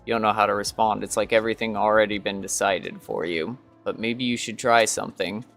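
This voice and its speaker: A man's voice: fairly low pitch, a little fast, creaky, fairly bright tone, soft background music. A man streaming a game, reading its story text aloud with hesitant fillers.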